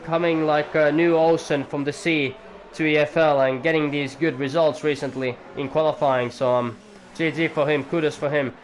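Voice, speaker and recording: A man calls a sim racing qualifying session live. His voice sits a little high, and he stumbles through plenty of fillers and corrects himself as he goes. A faint hiss of noise runs under the mic. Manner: hesitant, many fillers and self-corrections. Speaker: race commentator. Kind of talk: live esports racing commentary.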